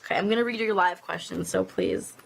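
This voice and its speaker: Speaking a little fast, the singer has a fairly low voice with vocal fry and a breathy edge. She rambles chattily through fan questions at a casual live Q&A in an office building, stuffing her answers with "like," all picked up by a phone streaming live video.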